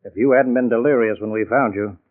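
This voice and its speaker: An actor playing a calm, shrewd captain who questions patiently, in 1940s radio acting. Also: male voice, mid-range voice, brisk, natural voice. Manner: calm, probing. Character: calm, shrewd middle-aged police captain. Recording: tinny old radio recording.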